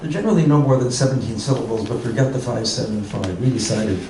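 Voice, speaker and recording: Older male poet with a gravelly voice, reading verse slowly to a room, far from the mic, with background noise. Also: medium pitch, dark tone, very echoey. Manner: slow, measured reading, repeating each haiku twice. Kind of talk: poetry reading and talk to a group. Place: arts center room with an audience.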